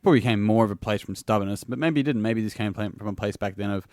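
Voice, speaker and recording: A man's voice: fairly low pitch, fast, a little mellow, dry recording, clean studio sound. A man hosting a solo podcast and working as a coach, talking casually and bluntly, swearing freely and restarting his sentences often.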